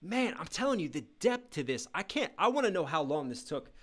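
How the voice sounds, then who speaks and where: A young man hosting a live music reaction stream, reading chat aloud, breaking into shouts and explaining rhyme schemes. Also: a little high, very animated, fairly quick.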